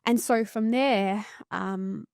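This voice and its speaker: A woman's voice: mid-range voice, takes it slowly, vocal fry, darkish tone, clear, resonant tone, no echo, clean studio sound. An Australian woman, a psychotherapist guest, telling a painful personal story in an earnest, intense and blunt way. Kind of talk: emotional personal story in podcast conversation.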